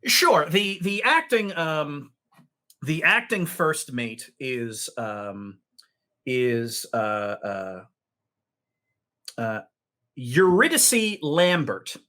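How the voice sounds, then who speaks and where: A man narrating a tabletop game as game master, telling the story in an unhurried way with many fillers. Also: a little high, sing-song, bright, forceful tone.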